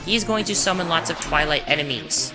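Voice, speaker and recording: A man's voice: a little high, expressive, brisk. A man giving casual, chatty commentary over a game walkthrough, correcting himself often and adding wry asides. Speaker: gameplay commentator. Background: game music.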